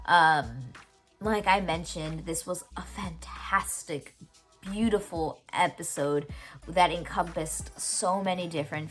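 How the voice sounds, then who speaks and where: A woman with a low, full voice talks through a TV episode scene by scene for her podcast. She gushes, acts out the characters' lines and gets teary. Faint music plays quietly behind her. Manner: emotional, gushing, retells scenes with quoted lines. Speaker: podcast host recapping a TV episode. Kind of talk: casual episode recap.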